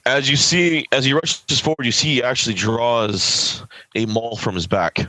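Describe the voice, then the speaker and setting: A man's voice: medium pitch, fairly even intonation, normal speed, pushed and bright, rough recording. A man from California who runs a tabletop game, narrating scenes with lots of fillers and self-corrections. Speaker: game master.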